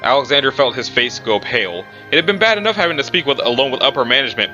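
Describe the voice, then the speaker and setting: A man's voice: medium pitch, lively intonation, fast talker, hardly any pauses, pushed and bright. A man reading a story aloud casually, breaking off for chatty asides and correcting himself. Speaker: story reader. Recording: muffled recording with background music.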